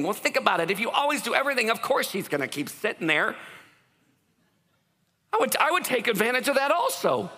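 A man's voice: very high voice, sing-song, a little fast, long pauses, bright, forceful tone. A man preaching a sermon in a conversational, joking way. He often puts questions to the congregation. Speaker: pastor. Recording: long reverb of a large hall.

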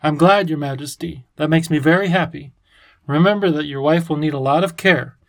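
A man doing a gentle, courteous old professor. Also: a little high, a little fast, no room sound.

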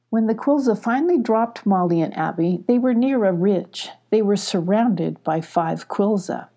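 Woman reading a kids story, really slow and calm, soft mellow voice. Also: lowish voice, gravelly. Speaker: audiobook reader. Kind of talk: storybook narration.

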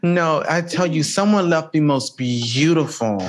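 A man's voice: fairly high pitch, measured pace. Chatty man hosting a podcast. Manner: sprinkles French greetings into English, chatty and emphatic. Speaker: podcast host. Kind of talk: casual podcast chat.

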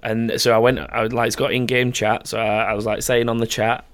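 A young man hosts a loose, chatty podcast. He tells rambling stories, laughs often and swears freely. His voice sits at an ordinary middle pitch. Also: little pitch movement, fairly quick, clean tone. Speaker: podcast host. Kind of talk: casual chat.

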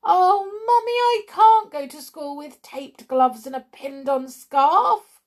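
Woman doing a high sulky little girl. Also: a little slow, full character voice. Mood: pleading. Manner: high excited childish voice.

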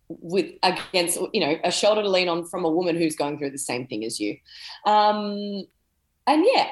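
A woman's voice: low-pitched, roomy sound. A woman chatting casually as a podcast guest, a rambling, talkative storyteller. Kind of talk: casual chat.

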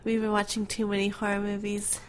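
A woman co-hosting a podcast, trading quick, playful remarks in casual chat. Her voice sits at an ordinary middle pitch. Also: monotone. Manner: playful, quick short replies. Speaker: podcast co-host.

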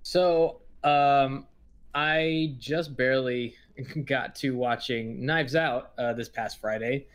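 A man co-hosting a podcast in casual chat, relaxed and hesitant with frequent fillers. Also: mid-range voice, takes it slowly. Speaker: podcast co-host.

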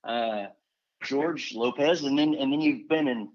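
A man co-hosting an interview, asking questions in a rambling, halting way. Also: mid-range voice, dull audio. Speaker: co-host. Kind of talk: casual interview talk.

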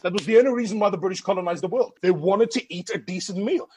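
A man telling animated anecdotes in casual chat. He is expressive, swears freely and slips into voices. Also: high voice, fast talker, slight background noise. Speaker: guest storyteller.

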